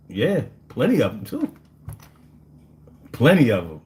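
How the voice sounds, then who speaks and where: A man's voice: mid-range voice, big pitch swings, a little slow, pauses often. A man hosting a casual live stream, reading chat and joking in a loose, slangy way with frequent laughs.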